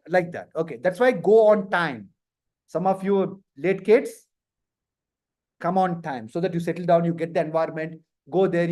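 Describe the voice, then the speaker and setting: A man runs a live career lesson in a bright, high-pitched voice. He speaks straight to his students and often breaks into short, amused impressions of nervous job candidates. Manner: lively, acts out candidates in mock interview snippets; addresses students directly, laughs often. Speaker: career trainer.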